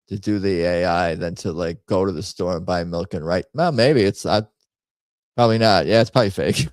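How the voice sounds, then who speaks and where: A man's voice: on the low side, darkish tone, dry recording. A man hosting a casual livestream, rambling through memes with wry asides and frequent restarts. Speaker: host.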